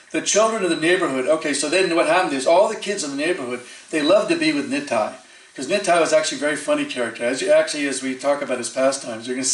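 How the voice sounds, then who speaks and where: A man giving a storytelling sermon at a temple, animated and chatty, acting out the voices in his stories with many fillers. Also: a little high. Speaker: temple speaker. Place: temple hall. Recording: echoey hall, distant mic.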